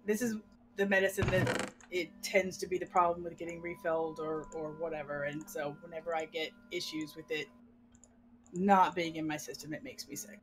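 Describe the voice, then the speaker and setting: A middle-aged woman telling a long, animated story in casual chat, laughing and acting out what people said. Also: sits low, normal speed, background noise. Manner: animated, laughing, acts out quotes. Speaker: podcast co-host.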